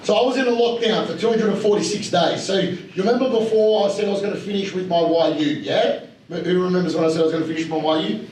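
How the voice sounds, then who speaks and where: A fairly high-voiced Australian man tells stories to a crowd in a chatty, blunt way, full of fillers and voiced-out quotes. He sounds a little way off from the mic, and the large room gives his voice a heavy echo with a faint hum under it. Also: fast, darkish tone. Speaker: speaker at an investor evening. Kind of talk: casual storytelling talk to an audience. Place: large room at a live event. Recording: roomy echo, speaker heard from some distance, faint background hum.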